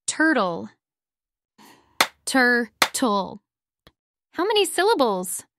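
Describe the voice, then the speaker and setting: A middle-aged woman, a first-grade teacher, gives a phonics lesson for young children and sounds out words slowly and clearly. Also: sits high, sing-song, noisy background.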